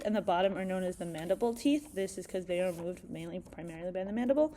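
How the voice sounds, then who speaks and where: A young woman giving a classroom presentation on speech anatomy, halting and filling pauses with "um" as she goes. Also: lowish voice, dark tone, slight background noise. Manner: halting, many fillers and restarts.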